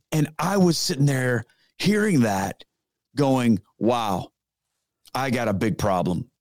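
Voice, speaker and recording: A middle-aged former pastor appears as a podcast guest, telling stories conversationally in an earnest, emphatic yet casual way. His voice is on the high side and a little mellow, captured with clean studio sound and no room sound.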